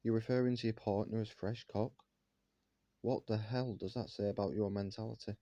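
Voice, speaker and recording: A man's voice: lowish voice, fairly even intonation, normal speed, mellow, no echo, highs cut off. A man ranting to his viewers in an indignant monologue, firing one rhetorical question after another. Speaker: vlogger.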